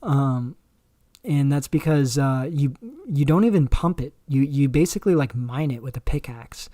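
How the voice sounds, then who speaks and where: A man hosting a livestream, talking in a rambling, halting way with many fillers and restarts. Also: mid-range voice, warm tone, no echo, clean studio sound. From Canada. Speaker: livestream host. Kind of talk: casual livestream commentary.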